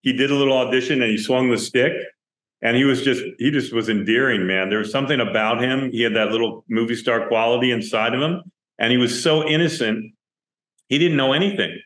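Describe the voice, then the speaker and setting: A film director with a mid-range voice tells stories from a film set in an interview, speaking a little fast. An animated storyteller, he acts out the quoted dialogue, and the recording has a roomy echo.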